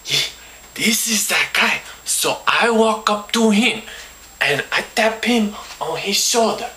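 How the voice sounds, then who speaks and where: A woman telling a comic story to the camera, slowly and deliberately, acting out each moment as she goes. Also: medium pitch, lively intonation, bright, forceful tone. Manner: slow, deliberate retelling, acting out moments with gestures. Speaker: comedy vlogger. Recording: roomy echo with faint hiss.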